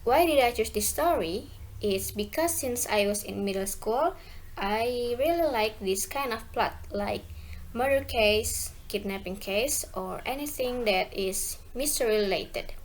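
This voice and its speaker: A woman's voice: a little high, slight background noise, rough recording. A young woman from Indonesia, a university student, giving a recorded class presentation on pronunciation and reading words out one by one. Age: young adult.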